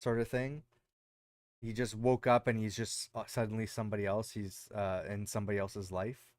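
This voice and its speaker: Low smooth-voiced man recapping a show. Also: flat delivery, normal speed, dry recording. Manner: rambling, lots of fillers and self-corrections. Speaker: podcast co-host. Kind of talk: casual chat recapping a show.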